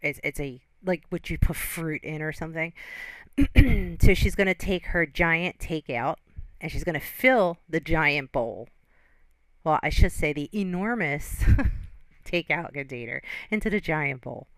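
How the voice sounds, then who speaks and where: Woman reaction host, low voice, teasing and wry. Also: unhurried, no room sound. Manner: wry running commentary, teasing. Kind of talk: commentary over a video.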